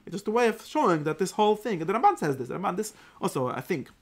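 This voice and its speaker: A man teaching an informal Torah class, lively and acting out the verses. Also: sits high, quick pace. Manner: animated, acts out the verse in God's voice.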